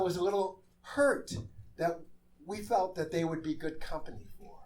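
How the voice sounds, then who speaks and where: A man telling a comic story live on a theater stage, animated and exasperated, acting out the voices in his tale. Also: on the high side, normal speed. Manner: animated, exasperated, acts out quotes.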